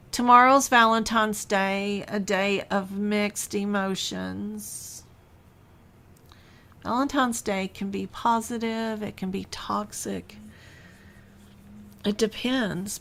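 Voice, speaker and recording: A woman hosting a spiritual podcast, speaking slowly and thoughtfully. Her voice has a gravelly, creaky edge at a middle pitch. She muses aloud in a relaxed, personal way. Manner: unhurried, musing, with sighs and soft laughs. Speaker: podcast host and spiritual teacher. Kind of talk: reflective spiritual podcast talk.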